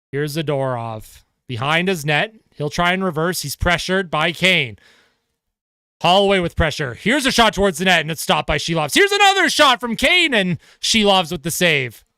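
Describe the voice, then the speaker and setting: A man calling a hockey game live from his own setup, eager and ready to erupt on a big play. His voice sits high and sounds bright and crisp. The sound is close and dry. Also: normal speed, no room sound. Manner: excitable, shouts on goals, laughs at himself. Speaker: fan play-by-play commentator.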